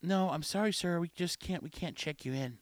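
A man's voice: on the high side, a little fast, no echo, close to an everyday voice. A man voicing a polite but unbending female airline ticket agent while retelling a story. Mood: politely firm. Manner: apologetic but firm.

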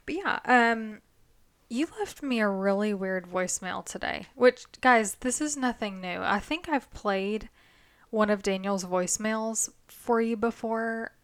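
A woman's voice: medium pitch, measured pace, smooth. A young woman co-hosting a podcast in casual chat, laughing and teasing. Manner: giggly, teasing. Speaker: podcast co-host.

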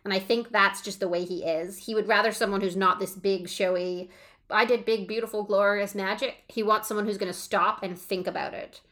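A woman's voice: medium pitch, fairly even intonation, a little fast, hardly any pauses, sharp tone. A woman in casual conversation, enthusiastically talking through her ideas about a book, with lots of fillers. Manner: enthusiastic, analytical, many fillers. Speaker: podcast co-host.

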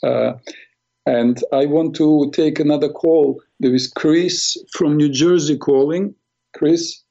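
Male call-in radio host, gravelly and mellow, calm and affirming, muffled lo-fi sound. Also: fairly high pitch, takes it slowly. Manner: calm, affirming listener with many fillers. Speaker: radio call-in host, mental health practitioner.

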